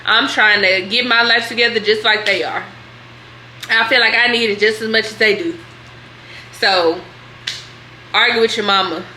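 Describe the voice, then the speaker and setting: A woman's voice: mid-range voice, steady tone, moderate pace, pauses often, bright, forceful tone, reverberant, a little hiss or hum. A young woman vlogging a candid question-and-answer session, chatty and slangy. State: tearful at times. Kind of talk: candid vlog Q&A.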